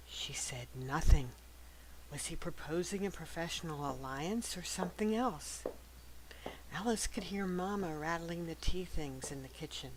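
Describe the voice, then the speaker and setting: A woman reading a novel aloud as scripted first-person narration, gentle and even, sometimes dropping to a hush. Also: low voice, measured pace, noisy background. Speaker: audiobook narrator.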